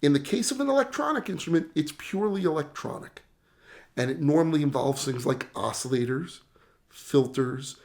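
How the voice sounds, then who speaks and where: A man teaching how sound is amplified in an explainer lesson, animated and self-mocking, demonstrating with sound effects and dad jokes. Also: on the high side, gravelly. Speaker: tech educator.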